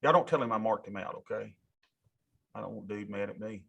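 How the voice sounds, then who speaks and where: A man lecturing a college class, animated and folksy, talking straight to his students in a classroom. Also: lowish voice, brisk, vocal fry, slightly rough. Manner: animated, talks to students directly, folksy asides. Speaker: college instructor.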